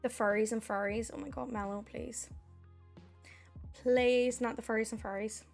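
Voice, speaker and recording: A woman's voice: on the high side, steady tone, moderate pace, vocal fry, soft background music. A young woman with a Northern Irish accent, chatting casually on a live stream and thanking viewers by name.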